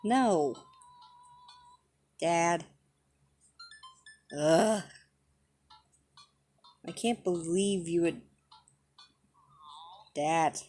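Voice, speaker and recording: A woman's voice: on the low side, extremely slow, pauses often, darkish tone, faint music behind. A woman voicing an evasive teenage girl who gives short, dismissive replies to her father. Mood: embarrassed. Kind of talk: reading a dating-sim script aloud.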